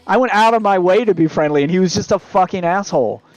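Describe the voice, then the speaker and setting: Cussing streamer guy ranting, kinda high voice, bit of music behind. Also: quick pace, lo-fi sound. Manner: profane, exasperated, animated. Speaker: live streamer. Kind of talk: casual storytelling rant.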